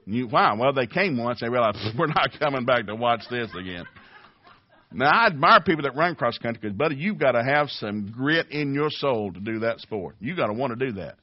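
A man's voice: medium pitch, fairly quick, few pauses. Folksy older male preacher, dull audio. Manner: folksy storytelling, animated. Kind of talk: sermon.

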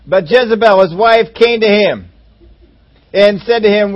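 A man preaching a sermon in an animated way, acting out voices in his stories, on a dull lo-fi recording. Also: high voice, measured pace. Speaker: pastor.

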